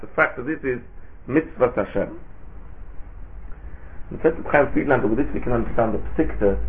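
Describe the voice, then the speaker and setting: A man giving a Torah sermon, asking rhetorical questions and chanting Hebrew phrases in a lilting way. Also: medium pitch. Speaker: rabbi giving a Torah talk. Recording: tinny phone-like recording.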